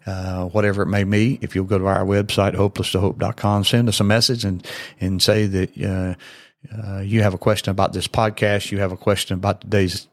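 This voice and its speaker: A man preaches earnestly in a podcast, his voice low, gravelly and fairly flat. He talks in a folksy, repetitive way, full of fillers. The sound is dry and close. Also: no echo. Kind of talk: sermon-style podcast talk.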